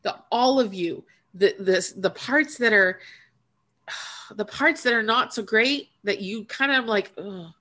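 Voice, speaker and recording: A woman's voice: fairly high pitch, measured pace, bright, forceful tone. A woman podcast co-host and coach in casual spiritual chat, earnest and reflective, speaking emphatically and often restarting her sentences.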